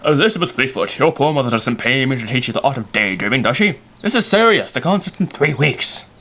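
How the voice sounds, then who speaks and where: A man's voice: mid-range voice, animated, a little fast, a bit bright. A man voicing a stern older male music teacher, reading the line with a raised, scolding voice.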